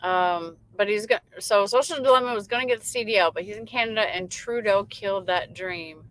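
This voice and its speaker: A woman's voice: medium pitch, brisk, fairly bright tone, low-quality recording. A woman from Michigan hosting a late-night trucking livestream, chatting casually, reading viewer comments aloud and laughing often. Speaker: livestream host. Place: in her truck.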